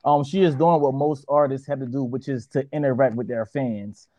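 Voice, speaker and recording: A man calling in to a talk show, giving gossip commentary in a measured tone that turns crude and playful. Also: mid-range voice, steady tone, mellow, no echo.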